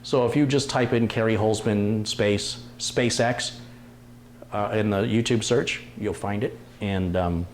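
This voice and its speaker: Guy doing a live stream, reading chat comments w/ jokes, faint hiss behind. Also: on the low side. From Detroit, USA. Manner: chatty, reads out comments with quick asides and laughs. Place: home computer workshop.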